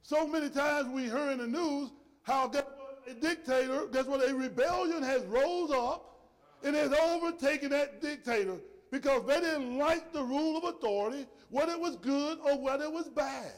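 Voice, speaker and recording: A male preacher giving an emphatic sermon, swinging between shouted points and soft, low asides. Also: normal speed. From rural area. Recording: long hall reverb.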